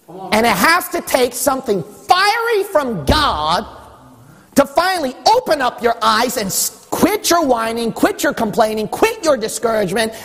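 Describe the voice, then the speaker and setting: A man's voice: very high voice, fairly bright tone, slightly rough, big-room sound. A male pastor preaching a sermon, building emphasis and teasing his congregation along the way.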